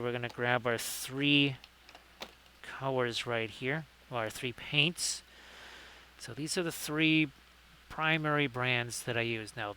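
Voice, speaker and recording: A man's voice: mid-range voice, bright, forceful tone, slight background noise. A man hosting a casual live painting stream, chatty and jokey with lots of fillers as he greets viewers.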